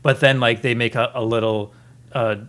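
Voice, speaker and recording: A man's voice: mid-range voice, steady tone, moderate pace, fairly bright tone. A man in his thirties co-hosting a podcast, chatting casually and earnestly, with many restarts and fillers. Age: 30s. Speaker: podcast co-host. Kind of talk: casual review chat.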